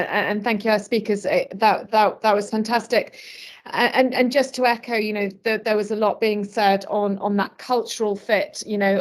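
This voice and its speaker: A British woman hosting an online seminar, chatty with stumbling restarts as she makes announcements. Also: medium pitch. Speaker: webinar host. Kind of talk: closing announcements.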